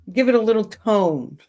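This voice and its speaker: A woman with a voice on the low side hosts a true crime livestream, reading viewer comments and chatting casually with them while she's coming down with a cold.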